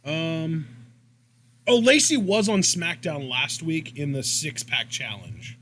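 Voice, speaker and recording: A man co-hosting a casual wrestling commentary podcast, chatting in a relaxed way and laughing easily. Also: on the high side, slow, slight background noise. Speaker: podcast co-host.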